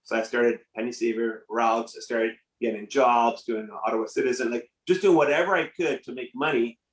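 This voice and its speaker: A man's voice: mid-range voice, steady tone, fairly quick, roomy sound, rough recording. A man whose first language is French, who grew up in Nigeria and Canada, telling his life story as a podcast guest and acting out the voices of people he quotes. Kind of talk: casual storytelling interview.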